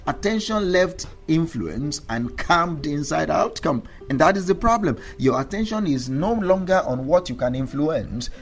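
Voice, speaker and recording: A man hosting a daily mindset podcast, giving an emphatic motivational talk that repeats its key lines and checks in with "all right?". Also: fairly high pitch. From Africa. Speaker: mindset coach and podcast host.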